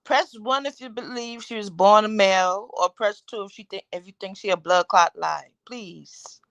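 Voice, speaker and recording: A woman's voice: mid-range voice, moderate pace, creaky, a bit bright, no echo, highs cut off. A woman hosting a live talk show, rambling through her opinions and asking the audience one rhetorical question after another. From Caribbean. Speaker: host.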